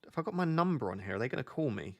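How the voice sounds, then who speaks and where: A young British man hosts a casual stream, chatting and reading his viewers' questions out loud. His mid-range, darkish voice is sing-song and very fast, and the sound is lo-fi.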